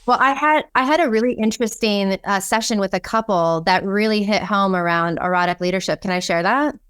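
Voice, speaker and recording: A woman guest recounts a story on a podcast, her voice smooth and resonant at a middle pitch. She talks in a lively, anecdotal way, scattering "like" and "um" through her sentences. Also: a little fast. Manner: lively anecdotal telling, frequent "like" and "um". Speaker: guest, kink educator. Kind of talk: storytelling in conversation.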